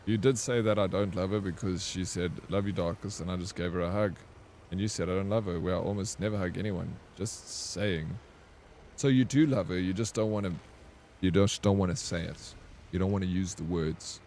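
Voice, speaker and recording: A male game streamer with a somewhat low voice talks casually to his live audience. He teases viewers by name and reads their chat messages aloud between bits of play. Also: a little fast, darkish tone, slight background noise.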